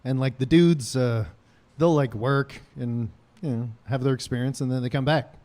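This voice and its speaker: A man's voice: medium pitch, moderate pace, a little mellow. A man hosting a casual podcast, telling a rambling story full of ums and uhs with dry jokes. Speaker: podcast host.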